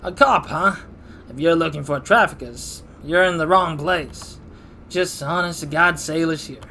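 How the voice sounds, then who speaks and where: Man voicing a gruff old sailor, odd accent, grumbling, faint background noise. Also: high voice, big pitch swings, takes it slowly, bright, forceful tone, voice pushed up, heavily acted.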